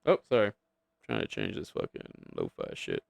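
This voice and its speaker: A man's voice: a bass voice, wildly swooping pitch, moderate pace, creaky, no room sound. A young man live-streaming a game, chatting with viewers in a joking, sarcastic way and swearing casually.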